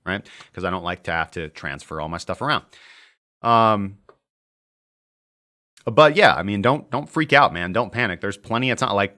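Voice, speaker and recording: A man's voice: lowish voice, pushed and bright. A young man hosting a casual live market-analysis stream, chatty and joking as he reads viewer comments aloud. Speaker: crypto trading livestream host.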